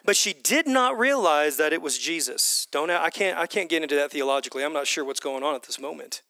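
A middle-aged man preaching a sermon in an animated way, repeating key phrases for emphasis. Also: a little high, fairly quick, no echo. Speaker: pastor.

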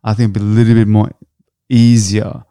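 A man's voice: on the low side, level tone, mellow, smooth, dry recording. Male podcast host, dry sound. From India. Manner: halting, restarts and fillers, friendly asking. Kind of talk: casual interview chat.

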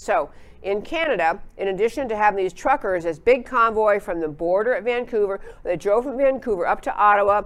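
A woman's voice: medium pitch, lively intonation, a little fast. A woman hosting a political talk show, giving opinionated commentary in an emphatic way, with frequent fillers and restarts.

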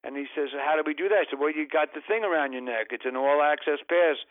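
A man's voice: fairly high pitch, fast talker, dry recording, phone-quality sound. An older man, a comedian, telling a long rambling story as a radio interview guest, breaking off mid-sentence and throwing in exasperated asides.

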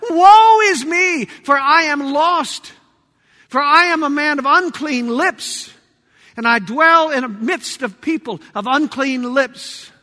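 A preacher doing a terrified, unworthy prophet. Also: male voice, in a large hall, full character voice. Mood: anguished. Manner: drawn-out anguished cries, then low and hushed.

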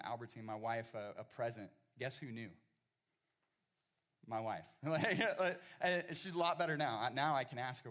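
A middle-aged male pastor preaching a sermon, often repeating and restarting his words as he builds up, at times nearly shouting. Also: medium pitch. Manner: animated, repeats words, rising to near-shouting.

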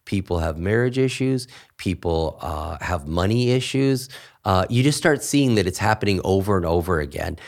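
A pastor with a low, deep voice talks in a podcast conversation. He leans hard on his points and gets lively and animated when he quotes others. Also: moderate pace, gravelly.

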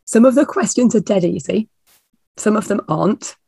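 A woman minister, croaky and hoarse from a cold, her voice gravelly and husky. She talks to her congregation in a chatty, reassuring way, with plenty of ums, and the sound is dry and close. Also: medium pitch, lively intonation, normal speed, mellow, no room sound. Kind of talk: informal sermon introduction.

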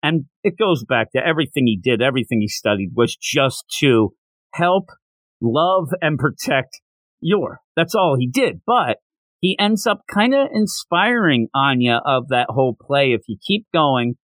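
A man with a medium-pitched, slightly slow voice hosts a casual manga recap podcast, recorded roughly with no room sound. He animatedly retells the chapter, quoting what its characters say.

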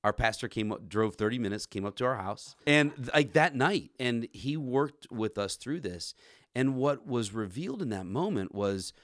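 A man's voice: medium pitch, expressive, normal speed, a bit bright, no room sound, studio quality. A man in his forties hosting a podcast, telling a candid story about his marriage in a self-deprecating way. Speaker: podcast host. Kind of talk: candid conversation.

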